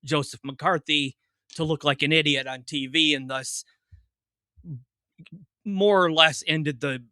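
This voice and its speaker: A man's voice: a little high, slow, sharp tone, no echo. A man hosting a casual podcast discussion, talking in rambling, self-interrupting, joking runs. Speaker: podcast host. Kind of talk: casual chat.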